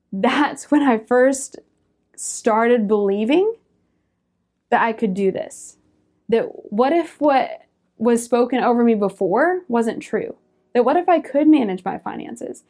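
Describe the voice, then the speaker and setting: A young woman telling a personal story as a guest on a faith-based round table, lively, with laughs and quoted voices. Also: a little high. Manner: animated storyteller, laughs often, acts out quoted speech.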